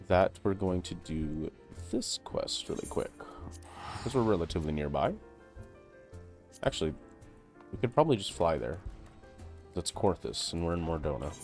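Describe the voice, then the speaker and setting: A man streaming a game, talking casually and haltingly with frequent restarts. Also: sits low, a little mellow. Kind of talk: casual gameplay commentary.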